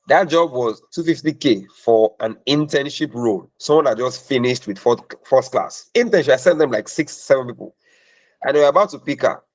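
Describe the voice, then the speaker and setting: A man's voice: mid-range voice, low-quality recording. Emphatic male career mentor. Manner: emphatic, preachy, repeats for stress. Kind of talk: question-and-answer session.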